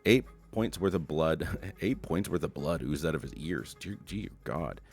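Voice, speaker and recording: A man's voice: very deep voice, lively intonation, moderate pace, darkish tone, soft background music. A man streaming an old online game, reading its text aloud with wry, playful remarks. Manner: wry, playful, reads quotes in funny voices.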